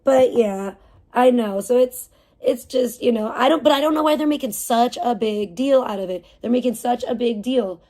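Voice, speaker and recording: Lady streamer going off on a rant, lots of cussing, kinda high voice, keeps restarting her sentences. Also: moderate pace, warm tone. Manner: profane, heated ranting; rambling with frequent restarts. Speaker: live streamer. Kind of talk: casual livestream rant.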